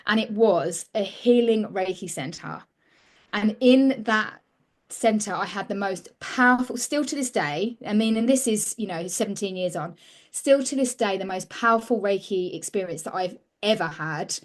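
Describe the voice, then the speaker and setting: A woman's voice: medium pitch, expressive, a little slow. Earnest woman telling her story. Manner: earnest, reflective, restarts mid-sentence. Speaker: women's mentor, interview guest. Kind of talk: casual interview storytelling.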